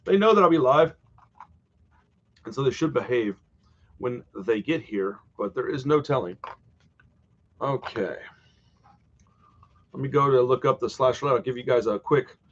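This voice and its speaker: A man's voice: medium pitch, expressive, normal speed, long pauses, fairly bright tone, dull audio. A man hosting a horror live stream, chatting casually and wandering off topic from home. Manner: rambling, easily sidetracked, chatty.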